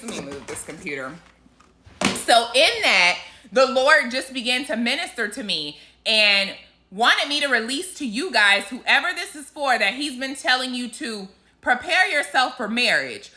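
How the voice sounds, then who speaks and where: Animated, laughing storyteller woman. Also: fairly high pitch, unhurried. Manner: animated, laughs often while telling. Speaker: Christian vlogger. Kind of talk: casual storytelling vlog.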